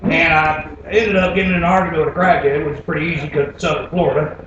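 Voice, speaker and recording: A high-voiced man telling comic stories on stage in a laid-back, rambling way. He is heard from far off in a very echoey room. The live recording sounds dull, with steady background noise. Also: fast talker. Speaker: storyteller. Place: stage before an audience.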